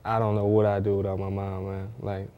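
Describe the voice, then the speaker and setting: A man's voice: deep voice, monotone, fairly quick, clean tone, dull audio. A young man from Northwest Ohio, an athlete guest in a casual interview, talking in a laid-back way and often saying "man". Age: young adult.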